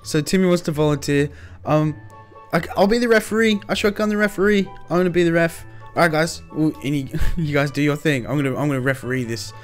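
A man hosting a game roleplay, hyped and exclaiming often with quick nervous laughs. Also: on the high side, faint music behind. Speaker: roleplay host and player. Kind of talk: excited Minecraft roleplay banter.

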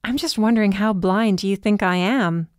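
A woman playing an anxious, sharp-tongued young heroine. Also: mid-range voice, moderate pace, clean tone, dry recording, studio quality, close to an everyday voice.

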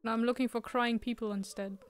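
A woman's voice: fairly high pitch, fairly even intonation, brisk, slight background noise. A woman giving casual, jokey commentary while playing a horror game, talking to the characters on screen. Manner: chatty, jokey, talks to the game. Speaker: let's play streamer.

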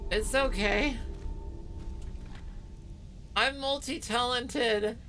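High, bright-voiced woman streaming a game. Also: extremely slow, soft background music. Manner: profane, playful, talks to herself; meows playfully between comments. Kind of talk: casual gameplay commentary.

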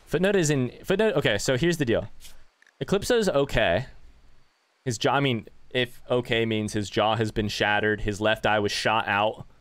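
A man's voice: medium pitch, moderate pace, fairly bright tone, dry recording. Frantic swearing male game streamer. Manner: swearing, reads chat aloud, frantic outbursts. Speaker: gaming streamer. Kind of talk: casual live-stream commentary.

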